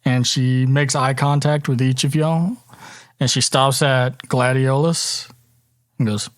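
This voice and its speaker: A man narrating a tabletop game as dungeon master, relaxed, with fillers. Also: mid-range voice, slow pace, no room sound, studio quality.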